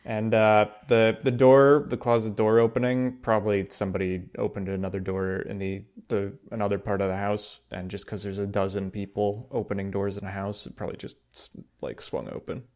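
A man's voice: on the low side, little pitch movement, a little fast, hardly any pauses, a little mellow. A man co-hosting a casual podcast, adding dry, wry one-liners. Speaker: podcast co-host. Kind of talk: casual chat.

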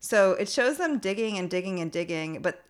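A woman's voice: mid-range voice, expressive, normal speed, clean tone. A young woman casually recapping a TV episode as a podcast co-host, laughing often and filling her talk with "like". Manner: laughs often, many "like" fillers, mocking quoted voices. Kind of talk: casual chat recapping a TV show.

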